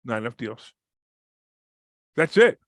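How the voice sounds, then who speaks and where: A man, a real estate investor guest on a podcast interview, telling a story with lively energy and acting out the people in it. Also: dry recording. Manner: fast, energetic, acts out quoted people with big pitch jumps.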